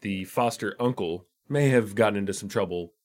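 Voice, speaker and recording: A man co-hosting a movie podcast in casual chat, relaxed and trailing off, laughing often. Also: lowish voice, moderate pace. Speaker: podcast co-host.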